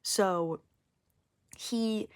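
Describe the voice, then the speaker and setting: A woman's voice: medium pitch, very slow, clear, resonant tone. A young woman explaining her drawings in a casual, rambling way, full of fillers. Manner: rambling, heavy use of fillers. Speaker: artist vlogger.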